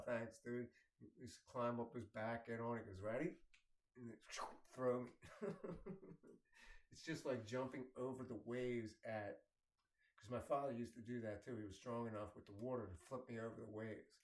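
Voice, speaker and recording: A man telling rambling personal stories in a casual way, often repeating words and laughing as he talks. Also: mid-range voice. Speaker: storyteller. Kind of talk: casual storytelling. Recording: roomy echo.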